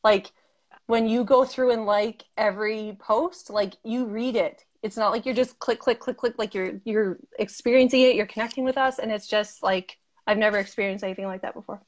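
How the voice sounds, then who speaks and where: A woman's voice: medium pitch, steady tone, moderate pace. A young adult woman chatting as an interview guest, gushing and enthusiastic, filling her talk with "like" and little laughs. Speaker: interview guest, group member. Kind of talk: casual chat.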